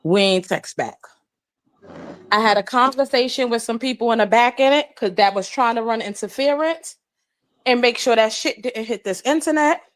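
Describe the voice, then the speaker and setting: A grown woman live-streaming, telling a long story in a blunt, profane and indignant way, with rapid run-on retelling. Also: fairly high pitch. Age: adult.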